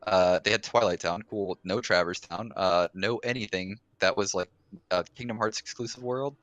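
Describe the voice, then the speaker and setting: A man, a guest on a casual podcast chat, talking in a relaxed, hesitant way full of fillers and repeats. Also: low voice, moderate pace, no room sound, muffled recording.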